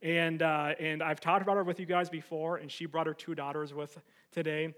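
A man's voice: fairly high pitch, level tone, fairly quick, a bit bright. Friendly man introducing a guest. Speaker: event host.

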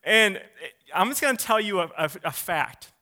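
A man's voice: high-pitched, moderate pace. A man preaching a sermon, telling a story in a loose, conversational way and acting out quotes in a raised voice. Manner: animated, acts out quotes in a raised voice. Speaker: pastor.

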